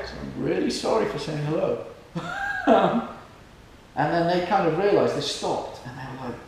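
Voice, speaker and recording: In a very echoey hall with a noisy background, a man lectures at a temple before an audience, giving an informal spiritual talk. His voice sits on the high side with wildly swooping pitch at a normal speed. He tells stories, acts out the people in them, and laughs along with the crowd.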